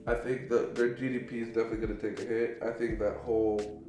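A man's voice: fairly low pitch, level tone, fast. A man talks in a loose, rambling podcast style. He stops and restarts his sentences and swears offhandedly. The room is echoey, with faint music in the background. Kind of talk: casual podcast chat.

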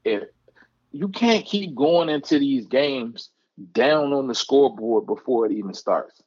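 A man's voice: mid-range voice, expressive, a little slow, a little mellow, breathy edge, no echo. Man, sports co-host, casual and slangy, emphatic repeats, dull lo-fi recording.

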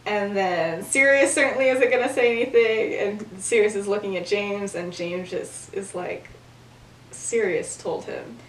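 A woman's voice: mid-range voice, unhurried, recorded from a distance, a little hiss or hum. A young woman hosting a casual podcast, animatedly retelling a story and acting out the characters' lines, laughing often. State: has the hiccups. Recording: echoey room, voice a bit off-mic.

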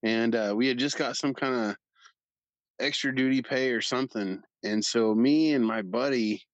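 Male guest, mid-pitch, halting and chuckly, dry close mic. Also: dry recording, dull audio. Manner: hesitant storyteller, many fillers, chuckles. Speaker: podcast guest. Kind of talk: casual chat.

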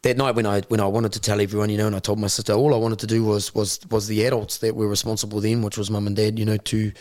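A blunt, fast-talking New Zealand man. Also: on the low side, flat delivery, a little mellow, no room sound, clean studio sound. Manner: blunt, swears freely, repeats words as he restarts; acts out other people's voices in his stories. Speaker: podcast guest. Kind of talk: candid conversational storytelling.

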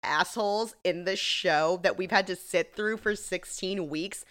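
A woman with a somewhat low voice chats through a TV episode recap. Her delivery is casual and wry, with laughs scattered through. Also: unhurried, a bit bright. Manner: wry, laughing, acts out quotes. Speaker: podcast co-host.

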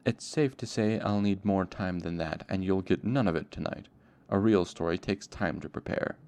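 A man's voice: low voice, normal speed, vocal fry, darkish tone. A man voicing a brooding male innkeeper in an audiobook reading, curt and sarcastic. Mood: bitter.

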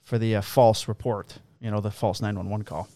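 A man's voice: fairly low pitch, fairly even intonation, a little fast, dark tone. A man, a police officer, casually telling profane, laughing stories about his shifts. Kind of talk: casual storytelling on a podcast.

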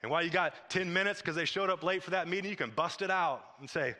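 A man's voice: sits high, quick pace, pushed and bright. A man preaching a sermon as pastor, emphatic and repetitive, recorded in a church auditorium. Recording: long hall reverb.

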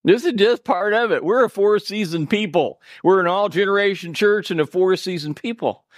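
A man's voice: high-pitched, normal speed, dry recording, clean studio sound. A man from Indiana preaching a sermon as pastor, folksy and joking with the congregation in a church. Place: church sanctuary.

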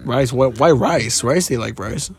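A man's voice: medium pitch, unhurried, vocal fry. A young man co-hosting a casual podcast who keeps cutting in with crude jokes. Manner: crude joking interjections. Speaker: podcast co-host. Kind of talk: casual chat.

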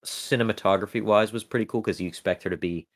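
Low-voiced man chatting casually. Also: fast talker. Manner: rambling, many fillers and restarts. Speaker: podcast co-host. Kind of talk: casual chat reviewing a TV episode.

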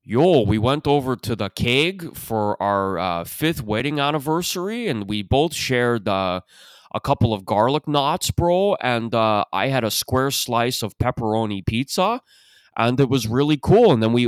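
A man doing a loud drawling Toronto bro. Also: medium pitch, animated, smooth, no echo, close to an everyday voice. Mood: boastful. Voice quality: long drawn-out vowels.

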